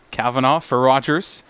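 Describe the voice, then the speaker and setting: A man's voice: medium pitch, a bit bright, clean tone, dry recording. A man calling live women's football play-by-play, naming players as the action moves. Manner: brisk play-by-play calling names. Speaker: play-by-play commentator.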